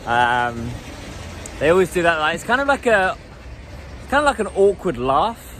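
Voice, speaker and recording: A man's voice: a little high, sing-song, moderate pace, a bit bright, a little hiss or hum. Chatty man vlogging outdoors. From England. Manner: chatty and reflective, laughs while asking strangers questions in simple Mandarin. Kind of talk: casual vlog talk.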